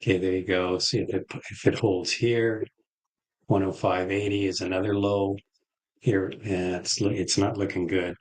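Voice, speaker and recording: A man co-hosting a live trading show, calmly commenting on charts. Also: sits low, moderate pace, low-quality recording.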